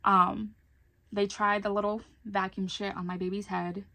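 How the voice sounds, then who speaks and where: A woman's voice: mid-range voice, level tone, measured pace, creaky, sharp tone. A young adult woman telling a personal story in a casual vlog, chatty and candid, swearing now and then. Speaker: vlogger.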